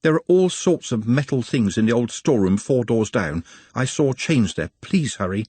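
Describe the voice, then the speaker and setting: Brief: man reading earnest male goblin scholar, formal and careful, husky, dry close recording. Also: mid-range voice, expressive, moderate pace, darkish tone, no room sound. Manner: precise, formal, hesitant phrasing.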